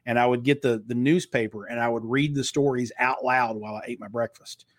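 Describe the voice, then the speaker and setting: A man's voice: mid-range voice, fairly even intonation, a little fast, dry recording. A middle-aged man from Eastern Kentucky with a slight twang, talking casually as an interview guest in a practiced broadcaster's manner. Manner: practiced broadcaster delivery, long flowing answers. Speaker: guest, author and marketer.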